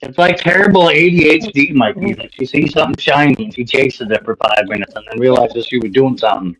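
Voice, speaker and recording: A man's voice: mid-range voice, fairly quick, a bit bright, poor audio. A man co-hosting a casual livestream chat, cracking jokes at the host's expense. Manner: joking, ribbing the host. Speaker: co-host.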